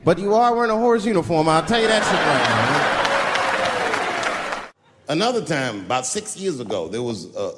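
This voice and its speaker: Crude storytelling male comedian on stage. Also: mid-range voice. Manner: storytelling, acts out characters, crude. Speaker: stand-up comedian. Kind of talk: stand-up comedy routine. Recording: live hall with audience laughter. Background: audience laughter and crowd noise.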